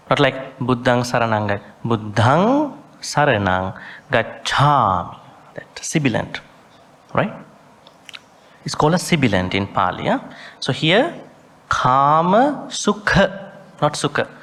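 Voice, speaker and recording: A man's voice: medium pitch, a bit bright. A man, a Buddhist monk, teaching a sutta study class, reciting Pali words with care and spelling out how each one should sound.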